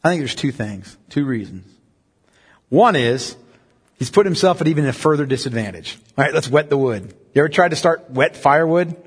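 A male preacher with a high voice teaches through a passage of scripture. He reads the verses slowly and solemnly, then breaks them down in a conversational tone, asking the listeners rhetorical questions. His voice rings with the long reverb of a large church hall. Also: expressive, slightly rough. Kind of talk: expository sermon.

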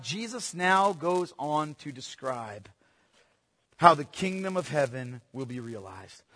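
A male pastor preaching a sermon, emphatic and repetitive, swinging from soft to loud. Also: sits high. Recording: long hall reverb.

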